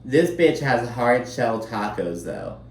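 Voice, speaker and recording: A man's voice: mid-range voice, lively intonation, takes it slowly, a little mellow. Profane, chatty man recapping reality TV. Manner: chatty, profane, sarcastic, many fillers. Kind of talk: casual recap commentary. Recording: roomy echo, slightly distant mic, faint background noise.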